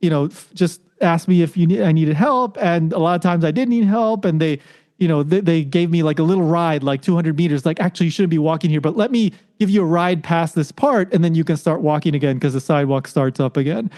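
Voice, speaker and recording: A man from the United States with a high voice talks through a story as a podcast guest. He is animated and lifts his pitch to act out what the people in the story said. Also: a little fast. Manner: animated, acts out quoted voices with rising pitch. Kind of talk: casual storytelling.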